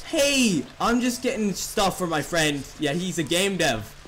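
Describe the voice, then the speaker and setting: A man's voice: sits high, sing-song, measured pace, a bit bright, a little hiss or hum. A young man commentating a horror game, joking, swearing and laughing nervously. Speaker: gaming YouTuber.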